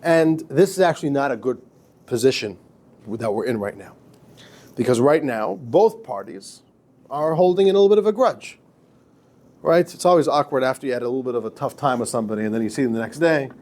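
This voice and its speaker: Male rabbi lecturing a class in a chatty, lively way, with a middle-pitched voice. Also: a little fast. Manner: lively, chatty, repeats words, laughs at own stories. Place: classroom with students.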